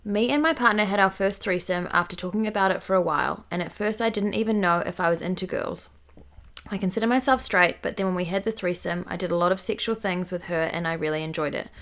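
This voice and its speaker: A woman's voice: lowish voice, fast. A young woman with a New Zealand accent, co-hosting a casual chat podcast and reading listener questions aloud. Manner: relaxed, chatty, reads listener questions aloud. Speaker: podcast co-host.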